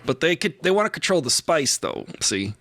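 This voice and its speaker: A man's voice: fairly high pitch, sing-song, normal speed, sharp tone, a little hiss or hum. A man co-hosting a comedy podcast, chatting casually and laughing often. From United States. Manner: laughs a lot, jokey. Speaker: podcast co-host.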